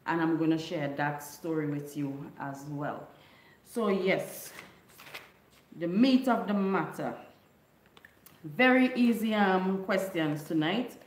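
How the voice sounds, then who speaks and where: A woman hosts a casual livestream, greeting viewers by name and laughing often. She talks at an easy, unhurried pace. Her voice rings in a roomy, echoey space. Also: fairly low pitch. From Caribbean island. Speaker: livestream host.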